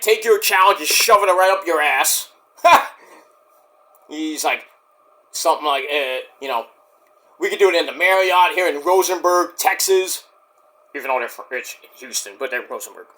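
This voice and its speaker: Excitable guy reviewing wrestling, bright voice, fires off the wrestlers' lines himself. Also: on the high side. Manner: excitable, swears, mimics wrestlers' promos. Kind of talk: casual live-watch commentary.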